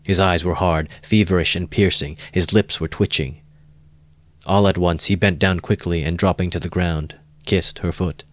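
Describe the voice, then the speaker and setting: A man calmly narrating a novel as an amateur audiobook reader, in a measured way close to the mic. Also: low-pitched.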